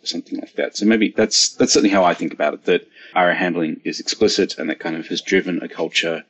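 A man speaking as a podcast panel guest, thoughtful and a little halting. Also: sits low, slightly rough, rough recording. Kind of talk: casual panel chat.

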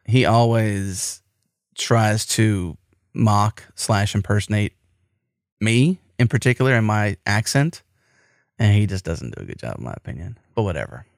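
A man's voice: lowish voice, lively intonation, a little slow, gravelly, no echo, studio quality. A man with an American accent hosting a podcast, talking in an enthusiastic, rambling way. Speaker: podcast host. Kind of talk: casual podcast chat.

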